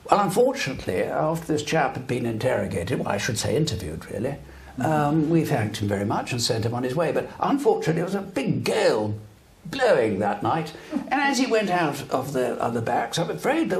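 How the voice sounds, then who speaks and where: A man's voice: a little high, sing-song, brisk, voice pushed up. A man putting on a pompous posh army spokesman. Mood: smoothly evasive. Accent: posh English. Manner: evasive, polite, euphemistic.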